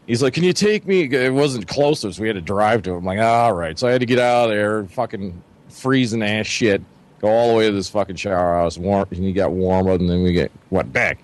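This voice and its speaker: A man's voice: on the low side, brisk. A man telling a long camping story in a casual, profane, rambling way, often acting out his friends' voices. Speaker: podcast co-host.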